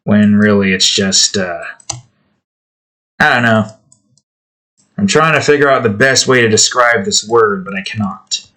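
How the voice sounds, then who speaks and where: Man, art-channel host, slow rambling chat while drawing, voice neither high nor low. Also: sharp tone. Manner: rambling, trails off and restarts. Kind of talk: casual talk while drawing.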